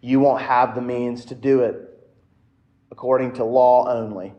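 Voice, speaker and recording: A man's voice: medium pitch, flat delivery, measured pace, roomy sound, lo-fi sound. A man preaching a sermon in a casual, conversational way, telling a personal story and turning often to the audience. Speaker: pastor.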